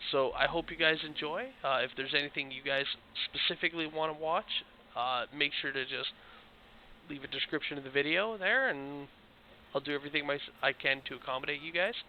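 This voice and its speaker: A slightly hoarse man giving casual gameplay walkthrough commentary, explaining things loosely and speaking straight to his viewers. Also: fairly high pitch. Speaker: video game walkthrough host. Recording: tinny phone-like mic with faint hiss.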